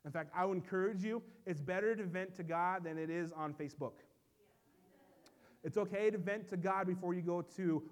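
High-voiced man preaching a sermon. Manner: dynamic preaching, swinging between soft low asides and loud emphatic lines. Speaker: pastor. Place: church sanctuary.

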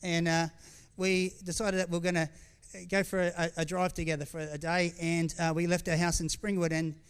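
A man's voice: fairly high pitch, flat delivery, moderate pace, clear, resonant tone. A middle-aged man preaching a sermon as pastor, speaking candidly and conversationally with frequent restarts and asides. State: tearful at times.

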